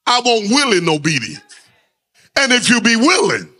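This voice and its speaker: A man's voice: very high voice, sing-song, moderate pace, sharp tone. A man preaching a sermon, with call-and-response lines he has the congregation repeat. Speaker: pastor.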